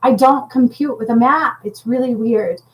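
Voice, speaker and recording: A woman with a fairly high voice speaks as a spiritual healer and medium in a casual livestream chat. She talks intensely and rambles, often pausing to check in with her viewers with a quick "okay?". Her delivery is earnest and unscripted. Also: poor audio.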